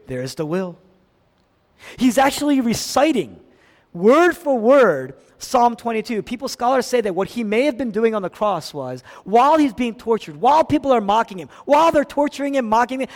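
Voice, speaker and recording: High, lively male preacher in a hall. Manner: dramatic, swings from loud cries to hushed low tones. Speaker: pastor. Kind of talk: sermon.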